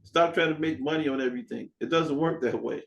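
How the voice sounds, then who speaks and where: A man hosting a podcast in casual chat, an animated storyteller who acts out dialogue and swears freely. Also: on the high side, fairly quick, creaky, muffled recording. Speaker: podcast host.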